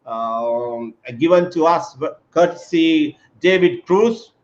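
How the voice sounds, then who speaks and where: The host of a casual live stream chats away with lots of fillers, addressing his guest as "mate." His voice is a little high and animated, and he takes it slowly. Sound quality is echoey, dull lo-fi.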